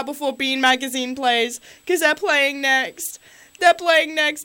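A woman's voice: sits high, steady tone, takes it slowly, sharp tone. A young Australian woman hosting community radio, ranting on air into a studio microphone with an exasperated, rambling delivery full of fillers.

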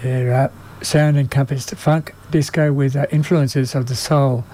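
A man hosts a music radio show in a mid-pitched voice, stopping often to search for words. His voice is fading and slightly strained, as if he is losing it. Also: fairly even intonation, warm tone. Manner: halting, many ums and uhs. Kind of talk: unscripted radio presenting.

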